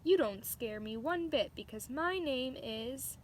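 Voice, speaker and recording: A kindly big tomcat father with hearty, booming exclamations, put on by a woman reading a storybook. He speaks slowly and warmly to his kittens. A clear noisy hiss sits under the recording. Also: close to an everyday voice.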